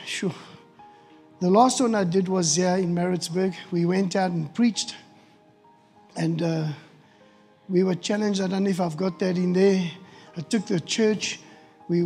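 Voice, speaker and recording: A middle-aged man, preaching a storytelling sermon in an animated way, acting out quotes and often restarting words. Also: high voice, creaky. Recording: hall reverb with faint music.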